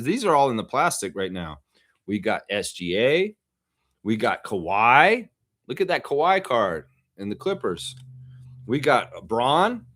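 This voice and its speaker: A man hosting a casual live stream, excitedly rambling to his viewers as he shows off things. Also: medium pitch. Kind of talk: casual live-stream chat showing off his card collection.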